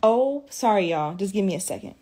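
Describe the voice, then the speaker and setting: A woman's voice: mid-range voice, animated, fairly quick, warm tone. A tearful woman in a profane, repetitive vlog rant, swinging between shock and defiance after days of crying. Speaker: social media creator.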